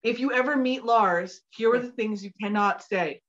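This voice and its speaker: A woman guest telling a funny story in casual chat, animated and laughing often. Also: on the high side, moderate pace. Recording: dull lo-fi audio.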